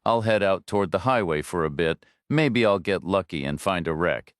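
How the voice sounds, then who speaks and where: Brief: man playing a friendly, apologetic mechanic, low and warm. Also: expressive, normal speed, no room sound, studio quality. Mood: helpful. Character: friendly Eastern European male mechanic on phone.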